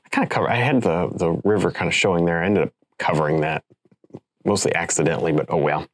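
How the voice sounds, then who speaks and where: A man's voice: low-pitched, fast, dry recording. A man demonstrating oil painting, talking casually and thinking aloud as he works, encouraging the viewer. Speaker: painting instructor.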